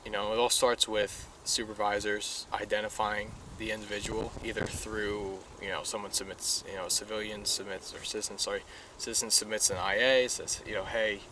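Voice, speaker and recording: Earnest young man, lowish voice. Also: little pitch movement, fairly quick, hardly any pauses, background noise. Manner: earnest, repeats himself with many fillers. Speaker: guest, police recruit. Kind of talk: casual podcast interview.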